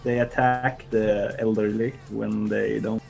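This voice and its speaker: A man's voice: on the low side, little pitch movement, a little slow, creaky, a little mellow, faint music behind. A man chatting jokily with a co-worker while developing a game, riffing and breaking into silly sing-song lines. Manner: silly, jokey, bursts into mock singing. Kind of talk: casual banter while working.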